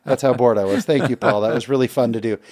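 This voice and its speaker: A man's voice: medium pitch, fast. Chatty middle-aged male talk host. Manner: animated storyteller, laughs often. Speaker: radio show host. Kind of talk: casual talk-show chat.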